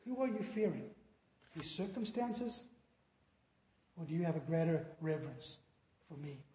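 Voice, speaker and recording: A man's voice: a little high, very animated, measured pace, mellow. A male pastor preaching a sermon in a church, earnestly putting questions to the congregation. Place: church sanctuary. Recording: echoey hall with long reverb.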